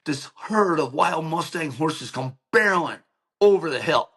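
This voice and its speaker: Animated middle-aged man telling a story. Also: a little high, unhurried. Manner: animated storyteller, acts out quoted dialogue, many "like" and "right?" fillers. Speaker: podcast guest, founder. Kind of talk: emotional personal storytelling in an interview.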